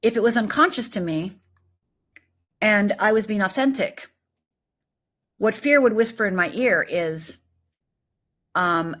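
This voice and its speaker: A middle-aged woman, a life coach, talking in an animated, emphatic way as an interview guest. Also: mid-range voice, unhurried, long pauses. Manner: animated, emphatic, lively storytelling with quoted voices. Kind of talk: conversational interview.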